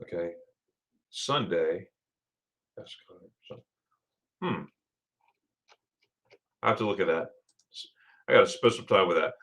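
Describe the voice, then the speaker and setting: A man's voice: deep voice, lively intonation, unhurried, long pauses, fairly bright tone. A middle-aged man from Florida hosting a casual livestream, chatting with viewers and reading their comments aloud, laughing often. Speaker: livestream host.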